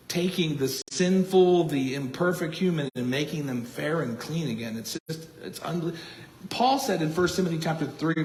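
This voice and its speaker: A man preaching as pastor in a church, earnest and thinking aloud, often repeating words as he goes. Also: fairly high pitch. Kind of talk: expository sermon. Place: church sanctuary. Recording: echoey church room.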